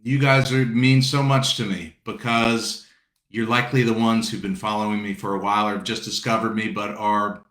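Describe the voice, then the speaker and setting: Here the South Carolina host of a casual book launch call sounds lowish and level, moving at a moderate pace with a fairly bright tone. The sound is roomy. He greets people by name and keeps up a friendly, meandering chat.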